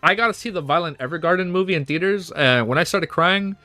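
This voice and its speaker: Hyped streamer guy, laughs a lot, says dude constantly, kinda high voice, dry mic. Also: fast talker, pushed and bright, no echo, faint music behind. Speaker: livestreamer. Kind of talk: casual livestream chat and reading aloud.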